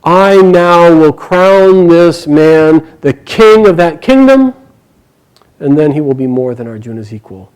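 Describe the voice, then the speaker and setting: A man's voice: a little high, expressive, slow, a little mellow, smooth, rough recording. A man voicing a proud young prince in a grand, proclaiming way within a spoken story. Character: proud young male prince crowning an ally.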